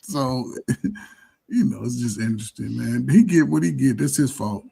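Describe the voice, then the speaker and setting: A man's voice: mid-range voice, animated, measured pace, vocal fry, dark tone, breathy edge. A man co-hosting a casual reaction chat, blunt and unsympathetic in his takes. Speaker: co-host.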